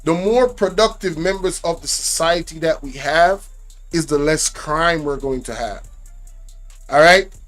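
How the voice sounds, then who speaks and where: A man's voice: on the high side, a little slow, fairly bright tone, faint music behind. A man giving casual commentary to camera, emphatic and repetitive, often checking in with "right?". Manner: emphatic, repeats points, asks "right?". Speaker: reaction channel host.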